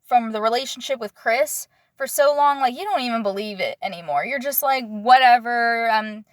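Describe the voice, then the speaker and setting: A young woman with a slightly high voice shares a personal story in a confessional way. She is earnest and halting, stopping often to search for her words. The sound is close and dry, with no room behind it. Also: expressive, no room sound.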